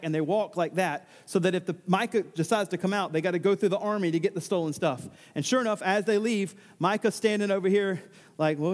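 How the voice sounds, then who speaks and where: Male pastor, sermon delivery, emphatic and exclaiming, high voice. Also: long reverb tail.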